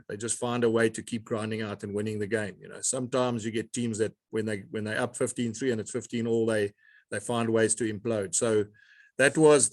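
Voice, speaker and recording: A middle-aged man, a rugby coach answering reporters' questions in a measured way, often repeating words as he searches for them. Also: medium pitch, no room sound. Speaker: rugby coach at a press conference. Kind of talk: press conference answers.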